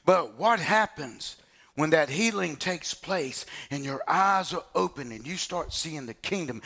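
Male preacher, high voice with big swings, shouts then drops to a hush, calls for responses. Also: expressive, slow. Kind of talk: sermon.

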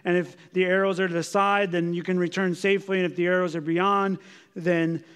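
High-voiced man preaching in an echoing hall. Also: level tone, fairly quick, fairly bright tone, clean tone. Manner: earnest, emphatic preaching with rhetorical questions. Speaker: pastor. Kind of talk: expository sermon. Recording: long reverb of a large hall.

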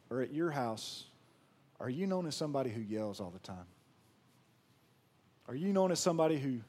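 Man preaching, soft then rising. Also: fairly high pitch. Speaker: pastor. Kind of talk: sermon.

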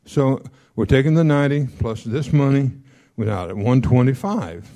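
A man teaching a class on paying off debt, folksy and joking, checking in often with his listeners and rattling off figures quickly. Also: medium pitch, expressive, mellow. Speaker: financial counselor teaching a class. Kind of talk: classroom lecture on debt repayment.

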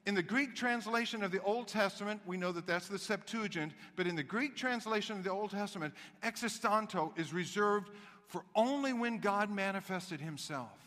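A pastor delivers his sermon with a high, bright voice. He swings from hushed to loud. His words ring out in a reverberant church hall. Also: normal speed. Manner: animated, dramatic shifts between hushed and loud.

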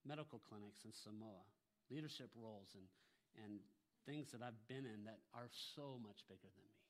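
A man's voice: on the low side, normal speed. A pastor preaching a sermon, emphatic, often putting rhetorical questions to his congregation.

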